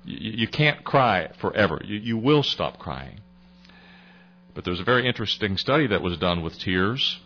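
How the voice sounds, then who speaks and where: A man's voice: low voice, fairly bright tone, lo-fi sound, slight background noise. A middle-aged man giving a sermon-like talk on grief at a memorial service, earnest, repeating his key phrases and acting out conversations.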